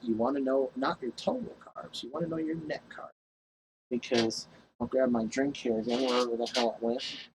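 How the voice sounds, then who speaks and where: A man's voice: mid-range voice, a little mellow, a little hiss or hum, poor audio. Profane, rambling vlogger man. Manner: rambling, profane, laughs at his own story. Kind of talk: casual storytelling to camera.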